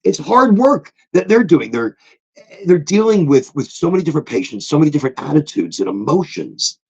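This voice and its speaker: A man hosting a casual motivational podcast monologue, talking in a loose, animated way. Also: brisk, vocal fry, husky. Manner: animated, swoops into high excited tones when retelling stories. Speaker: podcast host. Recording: dull lo-fi recording.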